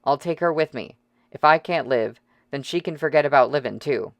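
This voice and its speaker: A man doing a shrill, wailing desperate woman. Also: moderate pace, creaky, no room sound. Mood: hysterical. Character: panicked desperate woman, caregiver turned captor.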